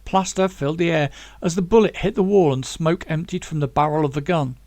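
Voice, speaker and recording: A man reading his own novel aloud in steady, dramatic audiobook narration. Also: a little high, fairly quick, no echo.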